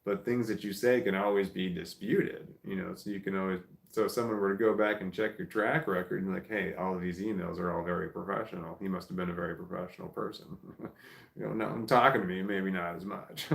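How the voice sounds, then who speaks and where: A man's voice: fairly low pitch, normal speed, vocal fry. A man hosting a live stream, reading viewer comments aloud in casual chat and chuckling often. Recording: echoey room.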